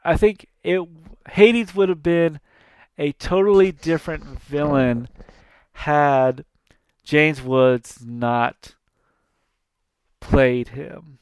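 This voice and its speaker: A man's voice: on the high side, steady tone, drawn-out words, pauses often, a little mellow, smooth, dry recording, clean studio sound. A man in his thirties hosting a podcast, retelling a cartoon in a casual, rambling way that keeps correcting itself. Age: 30s. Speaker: podcast host.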